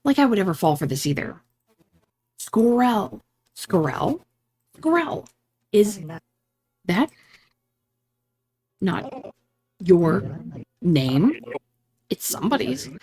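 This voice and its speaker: A woman's voice: lowish voice, big pitch swings, takes it slowly, long pauses, dark tone. A woman hosting a gaming channel, reading game dialogue aloud in a let's-play and switching voices dramatically between the characters.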